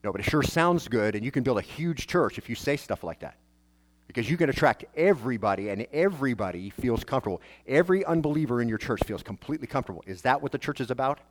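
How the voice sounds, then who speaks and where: A man's voice: medium pitch, animated, fast talker. A man, a pastor, preaching a sermon in a conversational way, asking rhetorical questions and often restarting his phrases.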